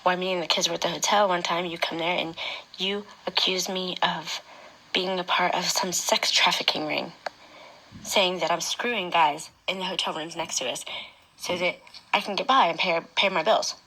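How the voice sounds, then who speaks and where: Husky, hushed woman telling her story. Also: fairly low pitch, fairly even intonation, moderate pace, low-quality recording. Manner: often drops to a hushed whisper. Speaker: mother recounting her own experience. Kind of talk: emotional personal testimony addressed to a former partner.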